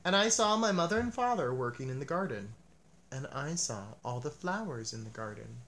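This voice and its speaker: A man voicing Frog, a friendly and cheerful male frog in a children's storybook, with a lively, eager delivery. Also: medium pitch, normal speed, a little hiss or hum. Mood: happy.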